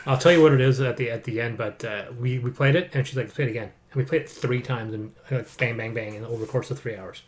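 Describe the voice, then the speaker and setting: A man talking casually as a co-host, at an ordinary middle pitch. He rambles, trips over his own starts, repeats words as he hunts for the point, and now and then slips in a sarcastic aside. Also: quick pace, hardly any pauses. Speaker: board game podcast co-host. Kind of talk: casual chat.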